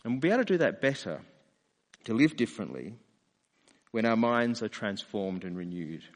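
A man's voice: lowish voice, very animated, normal speed, long reverb tail. A man preaching a sermon in a conversational way, often asking rhetorical questions. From Australia. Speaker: pastor.

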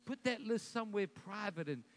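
A middle-aged man preaches with a notably high voice, pressing each point with emphatic, repeated declarations. He lightens the sermon with joking asides and keeps returning to the main line. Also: lively intonation, normal speed. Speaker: pastor.

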